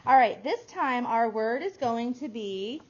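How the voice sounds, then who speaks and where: A woman teaching a small phonics group, stretching out each sound slowly and praising the children often. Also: on the high side, expressive. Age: adult. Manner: slow, drawn-out sounding out of words with encouraging praise. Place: classroom. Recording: dull lo-fi classroom recording with faint noise.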